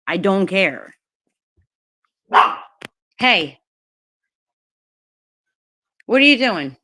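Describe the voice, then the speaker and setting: A woman vents on a casual livestream. She talks slowly at a middle pitch, swears freely and keeps repeating her angry points. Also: sing-song, sharp tone. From New Jersey, USA. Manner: angry, profane, repeats herself. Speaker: livestream host.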